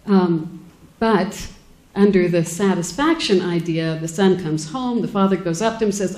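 A woman's voice: lowish voice, normal speed, darkish tone. A woman giving an informal lecture in a classroom, talking casually with many fillers and restarts. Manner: conversational, many fillers and restarts, acts out quoted speakers.

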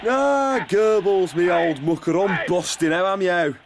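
A man's voice: high-pitched, unhurried, noisy background. A man playing a bumbling male dictator with a thick Birmingham accent in a comedy sketch. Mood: petulant.

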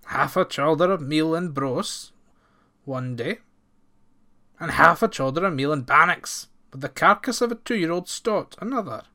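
A giant young farmhand speaks with calm, easy assurance and a hint of slyness, as a man puts him on in a storybook reading. The voice stays close to the reader's own, a touch high for a man. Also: a little slow, heavily acted. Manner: calm, quiet, archaic speech.

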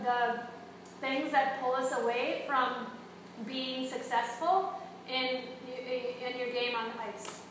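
A woman with a high, bright voice teaching yoga and breath work to a group, encouraging and full of questions for the class. She sounds distant in a very echoey room. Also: a little hiss or hum. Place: large echoey room with a group of young hockey players.

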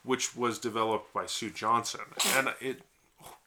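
A man's voice: medium pitch, fairly even intonation, moderate pace, noisy background. A man co-hosting a podcast, explaining relationship ideas in a thoughtful, rambling way with many fillers and restarts. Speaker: podcast co-host, marriage therapist. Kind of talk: casual conversational podcast.

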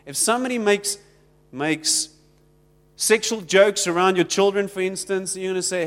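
A man's voice: high-pitched, moderate pace, big-room sound. A South African man preaching a sermon in a conversational way, acting out the little exchanges he quotes. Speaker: pastor.

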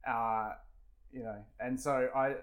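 A man's voice: mid-range voice, fairly even intonation, slow pace. An Australian man in his forties, a guest telling rambling stories in casual chat, swearing freely and leaning on fillers. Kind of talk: casual storytelling.

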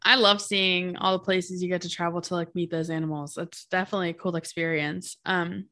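A woman's voice: on the low side, level tone, fairly quick, bright, forceful tone. A woman hosting a casual interview, asking friendly questions with a light teasing touch.

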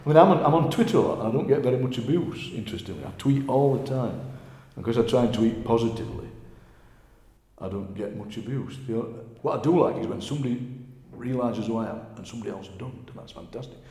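A man with a Yorkshire accent, a poet telling stories in a lively, chatty interview. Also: medium pitch, fast. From Yorkshire, England. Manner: chatty, animated storyteller, often laughing. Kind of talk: conversational interview. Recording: echoey room with long reverb.

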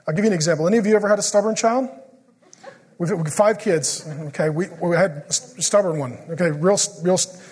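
Man, middle-aged, pastor, sermon, joking storyteller, breathy high voice, reverberant church hall. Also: fast. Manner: joking storyteller who turns quiet and earnest in prayer.

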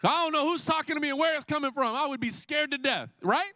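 A man in his thirties preaching a sermon as a pastor, telling stories in an animated way and acting out the scenes. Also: extremely high pitch, fast, no room sound, muffled recording. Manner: animated storytelling, acts out scenes. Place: church.

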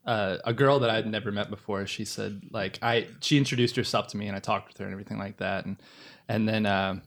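A man co-hosting a casual podcast, telling stories in a halting way with many pauses and fillers. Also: fairly low pitch, fairly even intonation, fairly bright tone. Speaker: podcast co-host, audio engineer.

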